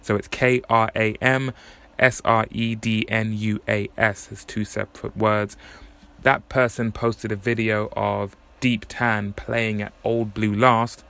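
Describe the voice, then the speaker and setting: A man's voice: fairly low pitch, little pitch movement, unhurried, vocal fry, fairly bright tone, clean tone. A man hosting a solo podcast, chatting casually about music and often correcting himself as he goes. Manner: conversational, thinking aloud with frequent self-corrections. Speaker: podcast host.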